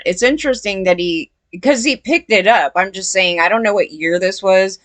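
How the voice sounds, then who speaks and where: Speaking to her viewers in casual commentary, this woman rambles through fillers and restarts, sounding unsure and frequently admitting she doesn't know. She talks fairly quickly with lively intonation and few pauses, her medium-pitched voice a bit bright against no room sound.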